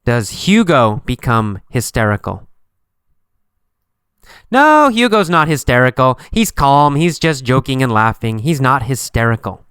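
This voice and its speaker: Man, english teacher, slow question-and-answer lesson, smooth clear voice, dry close sound. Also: medium pitch, a bit bright, dry recording. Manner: asks questions and answers them himself, slow and repetitive.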